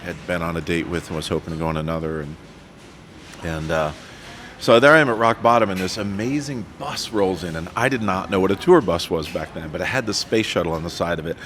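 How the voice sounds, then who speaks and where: A man as a podcast guest, telling his life story in an animated, self-deprecating way and acting out what people said. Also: low voice, fairly quick, slight background noise. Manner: animated storyteller who acts out his own quotes. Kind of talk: storytelling interview.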